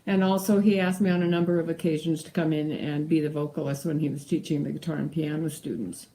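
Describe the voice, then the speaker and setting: A woman's voice: low voice, steady tone, fast, mellow, a little hiss or hum, poor audio. A woman singer speaking a reflective tribute to a former teacher, with fillers. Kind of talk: spoken tribute.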